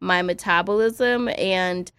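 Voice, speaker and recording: A woman's voice: lowish voice, slow pace, a bit bright, clean tone, no echo, clean studio sound. A woman co-hosting a casual podcast chat, talking chattily and laughing easily. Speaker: podcast co-host.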